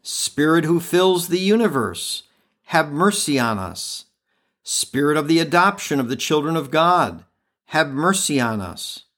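Guy reading prayers real slow and reverent, steady calm delivery. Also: on the high side. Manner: measured, reverent recitation. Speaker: podcast prayer leader.

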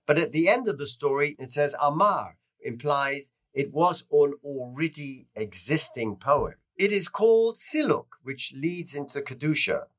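Lively man telling a story. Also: a little slow, few pauses. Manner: lively, with wide swings in pitch and loudness. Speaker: teacher of Jewish history. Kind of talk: storytelling lecture.

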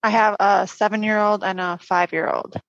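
A woman's voice: mid-range voice, fairly even intonation, normal speed, creaky, highs cut off. Easygoing woman guest, mother of three, casual chat, laughs along. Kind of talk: casual conversation.

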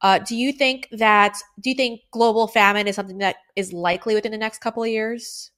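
A woman's voice: mid-range voice, fairly even intonation, fairly quick, fairly bright tone. Female news host, conversational and opinionated, mid-range voice. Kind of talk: news commentary and interview.

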